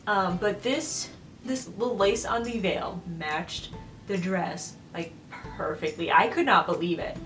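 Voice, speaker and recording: A woman's voice: medium pitch, a little slow, a bit bright. A woman in her twenties chatting casually in a vlog, rambling with lots of "like" and "um". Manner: rambling, full of "like" and "um". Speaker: vlogger. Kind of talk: casual chat. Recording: roomy echo, distant from the mic, faint music.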